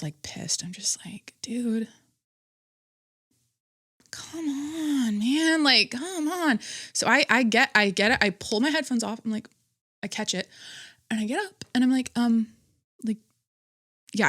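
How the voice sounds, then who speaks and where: A woman's voice: medium pitch, dry recording, clean studio sound. Blunt, profane woman podcast host. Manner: blunt, profane, animated storytelling. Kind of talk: casual monologue.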